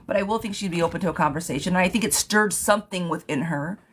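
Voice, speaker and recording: A woman's voice: on the low side, quick pace, a bit bright, a little hiss or hum. A woman giving yes-or-no tarot readings on a livestream, chatting casually as she reads viewer questions aloud and thanks commenters. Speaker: tarot reader.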